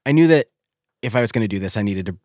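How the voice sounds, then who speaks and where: A man's voice: on the low side, lively intonation, rapid-fire, darkish tone, dry recording. Hesitant young man, dry close sound. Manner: hesitant, self-deprecating, restarts often. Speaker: podcast host. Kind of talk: casual chat and taped phone calls.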